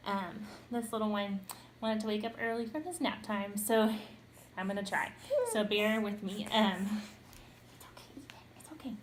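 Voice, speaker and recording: A woman's voice: medium pitch, fairly even intonation, moderate pace, background noise. Young adult woman, parenting vlogger; chatty, unpolished delivery with fillers and restarts. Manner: chatty, with frequent ums and self-corrections. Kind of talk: casual talk to camera.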